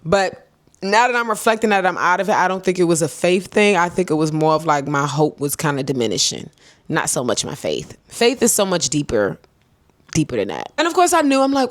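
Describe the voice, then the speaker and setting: A woman's voice: sing-song, brisk, dry recording. Chatty young woman with a dry close sound. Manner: chatty, talks to viewers as "girl" and "y'all"; reflective, swings high and low in pitch. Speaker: vlogger. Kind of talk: casual storytime to camera.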